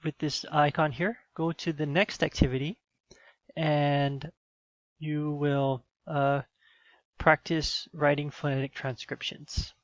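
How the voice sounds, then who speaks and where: A man's voice: on the high side, little pitch movement, slow pace, dry recording, dull audio. A man giving a recorded teaching demo, explaining in an instructional way with some fillers.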